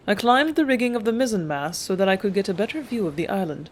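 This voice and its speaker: A narrator reading an old novel aloud in a steady, even storytelling manner. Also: medium pitch, quick pace, few pauses. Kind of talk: audiobook reading.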